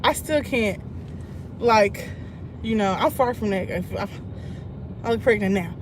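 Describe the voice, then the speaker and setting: A woman, chatting casually to her live-stream viewers from her car in traffic, greeting them by name and breaking into loud laughs. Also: mid-range voice, measured pace. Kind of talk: casual live-stream chat while driving. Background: faint road and traffic noise.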